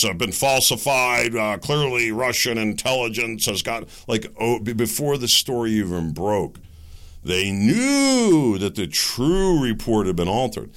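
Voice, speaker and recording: A man hosting an opinion podcast, talking in an agitated, sarcastic rant full of rhetorical questions and halting restarts. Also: deep voice, creaky, a bit bright. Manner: agitated, ranting with sarcastic laughs. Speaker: podcast host.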